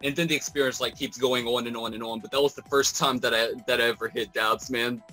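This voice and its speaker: A man's voice: mid-range voice, fairly even intonation, quick pace, bright, forceful tone, soft background music, poor audio. A man hosting a podcast, talking in an earnest, reflective way with casual swearing. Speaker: podcast host.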